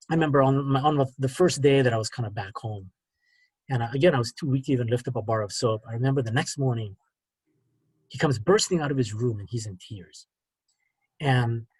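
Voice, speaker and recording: A middle-aged man, a physician, telling a personal story in an earnest, halting way over a webinar video call. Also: mid-range voice, a little mellow, husky, no echo. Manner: earnest, halting storyteller with many "you know" and "okay?". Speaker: physician speaker.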